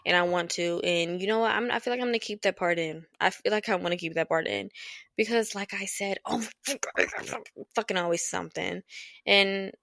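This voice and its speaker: Frank, swearing woman with a gravelly fry. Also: mid-range voice, moderate pace, fairly bright tone, dry recording, clean studio sound. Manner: frank, swears freely, laughs often. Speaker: podcast host. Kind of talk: casual solo podcast chat. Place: at home in an apartment.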